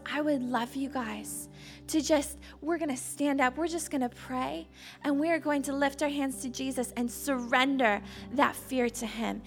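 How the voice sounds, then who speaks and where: A woman giving a children's sermon to a live audience, lively and full of questions at first, then soft and earnest. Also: high voice, creaky. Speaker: children's ministry speaker.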